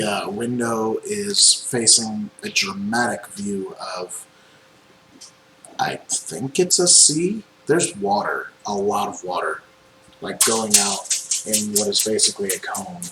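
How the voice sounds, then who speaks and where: A man narrating a tabletop game as its game master, taking his time and pausing on ums as he describes each scene. His voice is bright and forward. He is recorded in an echoey room with a faint hiss of noise behind. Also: lowish voice.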